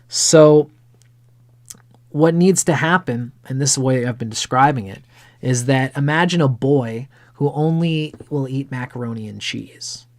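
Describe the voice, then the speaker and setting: Man, astrologer, livestream reading, blunt, rambling, casual swearing, middling pitch. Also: a little mellow. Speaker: astrologer giving chart readings.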